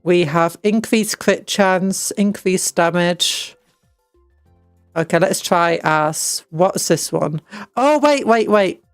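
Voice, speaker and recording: A woman's voice: on the low side, slow, no room sound, studio quality, soft background music. A British woman streaming a game, reading upgrades aloud and making jokey asides. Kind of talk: casual gameplay chat.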